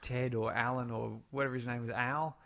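A man's voice: medium pitch, level tone, a little fast, vocal fry, crowd noise. An Australian man co-hosting a casual film podcast, rambling into jokey asides. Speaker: podcast co-host.

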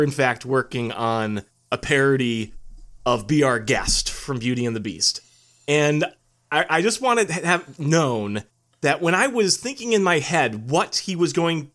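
A man's voice: fairly high pitch, a bit bright. A man co-hosting a podcast in casual chat, teasing dryly and often restarting his sentences. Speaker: podcast co-host.

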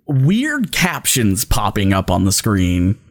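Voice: low-pitched, huge pitch swings, slow. A podcast co-host in casual chat, joking and stammering through restarts.

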